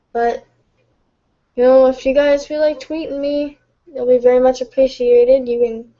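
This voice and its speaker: A tired woman speaking softly and haltingly in a late-night confessional live stream from home, stumbling and restarting as she gets emotional. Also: fairly high pitch, dull audio. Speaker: vlogger.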